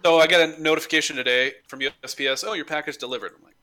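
A man's voice: on the high side, very fast, sharp tone. A young man in casual chat, animatedly telling a comic story, acting out the quotes and swearing freely.

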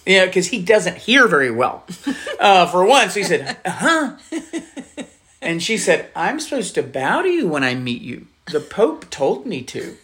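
Middle-aged pastor telling a lively story. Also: male voice, high-pitched, normal speed. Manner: animated storyteller, acts out quotes, laughs often. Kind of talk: casual storytelling chat.

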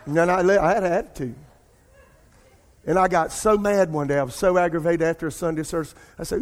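A man's voice: on the high side, fast, creaky. A middle-aged man, preaching a sermon and addressing his congregation directly. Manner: preaching with call-and-response asides to the congregation. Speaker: pastor. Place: church sanctuary. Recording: long hall reverb.

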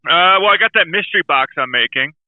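Man, podcast co-host, blunt, rambling, slightly high voice, tinny phone-like sound. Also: animated, fast talker, dry recording. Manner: blunt, rambling, self-deprecating. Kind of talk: casual podcast chat.

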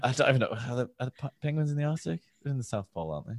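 A man's voice: mid-range voice, expressive, very fast. A man from Manchester with a Mancunian accent, joking and laughing often as a podcast guest in casual chat. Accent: Mancunian English. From Manchester, England. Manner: jokey, self-deprecating, laughs often.

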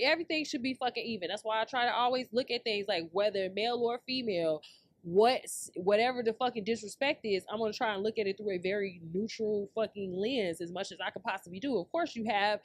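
A woman hosts a pop-culture talk show, ranting in blunt, profane bursts. Her voice sits at an ordinary middle pitch. The sound is dry and close, with no room around it. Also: no room sound. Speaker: podcast host. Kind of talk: casual pop-culture commentary.

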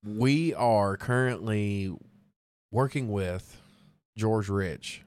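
A man's voice: fairly low pitch, drawn-out words, clean tone. A man in his thirties, a band vocalist guest, chatting casually with lots of fillers and swearing. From United States. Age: 30s. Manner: relaxed, rambling, heavy on fillers and swearing. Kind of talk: casual podcast chat.

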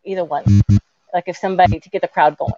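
A woman's voice: lowish voice, fairly even intonation, fast talker. A woman from West Texas co-hosting a casual talk show, telling stories animatedly and laughing often. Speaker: co-host. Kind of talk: casual chat. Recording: dull lo-fi with music behind.

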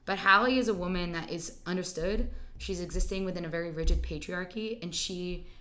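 Bright-voiced chatty woman. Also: on the low side, a little fast. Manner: chatty, frequent fillers, animated storytelling. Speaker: podcast guest, theater actor. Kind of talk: casual podcast conversation.

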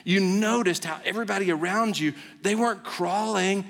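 A man preaching a sermon as pastor, telling stories with animated, playful delivery and acting out a baby's voice. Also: high voice, normal speed, gravelly, long reverb tail. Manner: animated storytelling, acts out a baby's voice.

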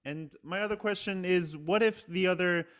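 A man interviewing a guest, asking his questions with halting restarts. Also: sits high, a bit bright.

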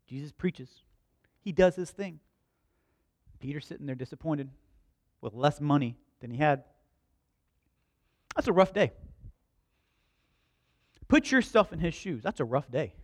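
A man preaching a sermon, telling stories in an animated, conversational and humorous way. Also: on the high side, a little slow, long pauses, no room sound. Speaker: pastor. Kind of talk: storytelling sermon.

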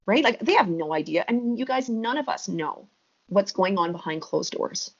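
A woman's voice: mid-range voice, lively intonation, moderate pace, highs cut off. A woman guest on a podcast interview, talking emphatically and with energy, full of fillers.

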